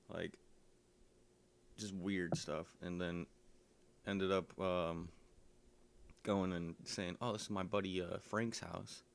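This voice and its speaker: A man's voice: low voice, gravelly, a little hiss or hum. A man casually telling a personal story, rambling with lots of ums and likes.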